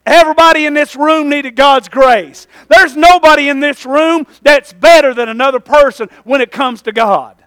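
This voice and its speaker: A man's voice: extremely high pitch, moderate pace, few pauses, a bit bright, dry recording. A man preaching a fervent sermon as pastor, calling for amens and using folksy slang.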